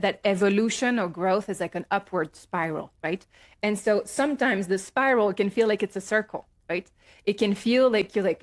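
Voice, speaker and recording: A woman life coach talking through advice in a gentle, reflective way, often checking in with "right?" and pausing with fillers. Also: mid-range voice. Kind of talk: casual advice talk.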